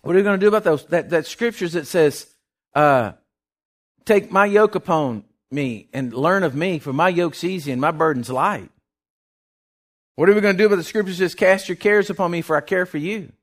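A man preaching a sermon, impassioned, rising loud then dropping soft, often restarting his words. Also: high voice, fairly quick.

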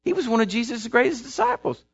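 A high-voiced man preaches, his pitch leaping up and down as he tells a story and drives it home. He builds to punchy, repeated phrases. The sound is dull and lo-fi. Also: very animated, fast talker, creaky, husky. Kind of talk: sermon.

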